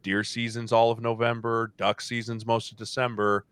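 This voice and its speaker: A man in his thirties, a podcast guest, chatting casually and telling animated stories, acting out what people said. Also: mid-range voice, moderate pace, clean tone, dry recording. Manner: animated storyteller, acts out quotes. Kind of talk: casual chat.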